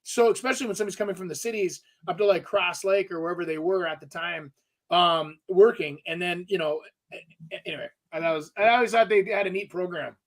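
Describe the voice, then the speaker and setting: A man's voice: sits high, quick pace. A middle-aged man co-hosting a real estate radio show, chatting casually and rambling with many restarts. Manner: rambling, restarts, lots of fillers. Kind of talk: casual talk radio chat.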